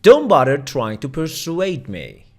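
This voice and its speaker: A man teaching English, repeating everyday practice sentences several times each in slow, drawn-out drills. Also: a little high, wildly swooping pitch, a little mellow, slightly rough.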